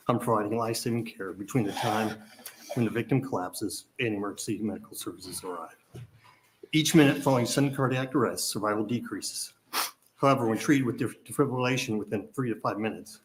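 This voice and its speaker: A man reading formal testimony at a legislative committee hearing, audibly out of breath and clearing his throat between passages. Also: on the low side, a little hiss or hum, rough recording. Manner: reads prepared remarks, pauses to clear throat. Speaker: advocacy testifier.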